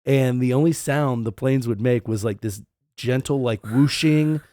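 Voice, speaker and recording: A man co-hosting a podcast, telling a history story in a casual, profane, animated way. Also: mid-range voice, unhurried, dry recording, clean studio sound. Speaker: podcast co-host.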